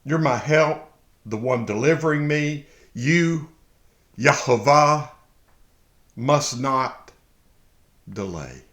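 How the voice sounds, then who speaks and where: A man slowly reading and explaining a Bible psalm, halting often, then bursting into excited shouts. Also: mid-range voice. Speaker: Bible teacher. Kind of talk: casual verse-by-verse Bible reading and commentary. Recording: echoey room.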